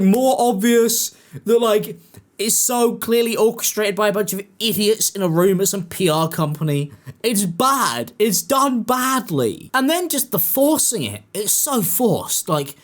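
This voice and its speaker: A man giving sarcastic commentary, mocking and animated, often jumping into high-pitched impressions. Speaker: commentary YouTuber.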